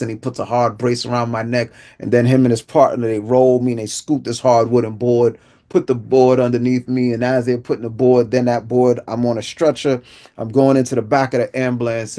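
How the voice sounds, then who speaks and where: A man's voice: mid-range voice, a little mellow. A man who is an inspirational speaker, telling his life story as a vivid testimony and acting out the dialogue. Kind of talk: personal testimony.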